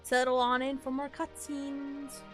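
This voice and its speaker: A woman streamer giving casual gameplay commentary, giggly and quick to laugh, with dramatic reactions, on a close desk mic. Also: high voice, completely flat delivery, music in the background.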